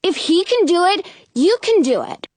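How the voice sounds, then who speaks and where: A woman's voice: moderate pace, no echo. A woman reading aloud voices a bold, teasing young boy who dares his older sister. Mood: coaxing. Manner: taunting, high and lively.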